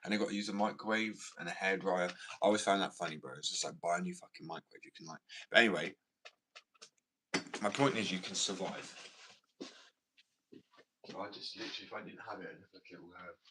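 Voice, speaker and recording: A low-pitched skateboard maker talks fast with long pauses in a rambling, casual vlog from his workshop. He swears often and sounds fidgety, and the distant mic picks up faint background noise.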